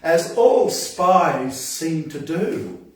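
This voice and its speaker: A man reading and reciting verse at an open mic, halting in speech and bold in recitation. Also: fairly high pitch, animated. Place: poetry event venue. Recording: very echoey room, distant mic.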